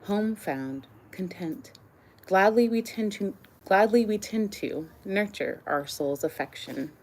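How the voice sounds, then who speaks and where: A woman reading her own love poems aloud in a soft, earnest, slow and tender way. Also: medium pitch, animated.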